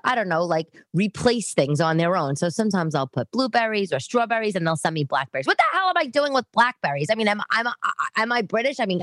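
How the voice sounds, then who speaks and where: A woman's voice: fairly low pitch, dry recording. A middle-aged woman hosting a podcast from her living room, talking in a chatty, rambling way that wanders off on tangents. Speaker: podcast host. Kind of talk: casual monologue.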